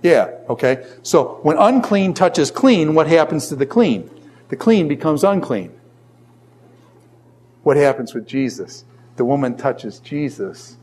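With a fairly high voice at a measured pace, a middle-aged man delivers a lively Bible lecture in a classroom. Animated storytelling, jokes, and asides fill his talk, and he asks the class questions that he then answers himself.

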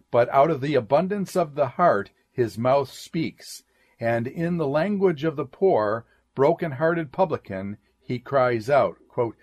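A man reading an old sermon aloud in a measured, deliberate way, speaking each "quote" and "end quote". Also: medium pitch. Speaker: sermon reader.

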